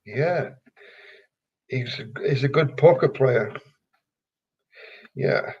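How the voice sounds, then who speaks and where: This retired wrestler, an older man from England, speaks in a mid-range, slightly mellow and rough voice with a Yorkshire accent. As a guest in a casual interview, he tells stories in a halting, rambling way full of fillers and restarts, on audio whose highs are cut off.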